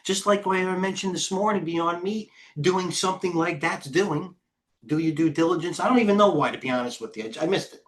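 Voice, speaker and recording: A man's voice: sits high, brisk. Blunt, rambling man talking market trades. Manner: blunt, rambling, self-interrupting market talk. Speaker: head trader and market coach. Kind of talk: live trading stream commentary.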